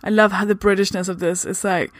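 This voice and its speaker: A young woman from Denmark hosts her podcast in a loose, rambling chat, dropping swear words and breaking into laughter. She sits at a mid pitch, and her voice sounds close and dry with no room around it. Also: steady tone, quick pace, dry recording. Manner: chatty, swears freely, laughs often. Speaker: podcast host.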